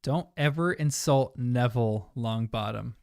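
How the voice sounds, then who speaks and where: A man's voice: medium pitch, unhurried, vocal fry, clean tone, no echo, clean studio sound. A young man chatting casually and emotionally as he reacts to a movie with his viewers. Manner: emotional, chatty, trails off into soft asides. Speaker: streamer watching a movie with chat. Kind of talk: casual live commentary.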